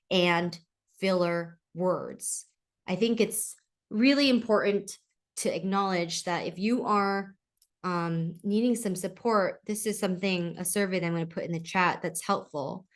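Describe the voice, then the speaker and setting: A woman's voice: medium pitch, unhurried. A woman teaching a public speaking webinar in a chatty way, reading out questions from the chat. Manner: conversational, reads audience questions from chat.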